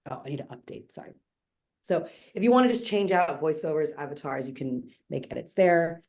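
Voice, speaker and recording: A woman walks viewers through a software demo on a video call. Her voice sits low and mellow. She talks in a chatty, upbeat way, with quick self-corrections. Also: animated. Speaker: webinar presenter demoing software. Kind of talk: live product demo.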